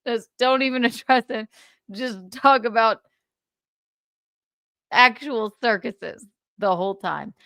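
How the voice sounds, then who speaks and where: A woman's voice: fairly high pitch, takes it slowly, creaky, pauses often, fairly bright tone, no echo, studio quality. A woman hosting a livestream, chatting casually and giggling as she reacts to a clip. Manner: giggly, musing aloud. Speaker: livestream host.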